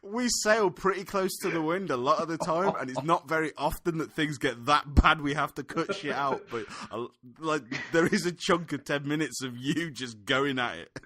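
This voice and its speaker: A man, co-hosting a gaming podcast and telling stories in an animated way, swearing freely. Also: on the high side, normal speed, few pauses. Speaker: podcast co-host. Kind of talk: casual chat.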